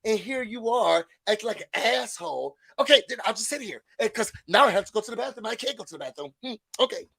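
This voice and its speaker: A man giving a chatty, animated recap of a reality show, acting out what people said. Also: high voice, fast, gravelly, few pauses, slightly rough, no echo. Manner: chatty, animated, acts out quotes.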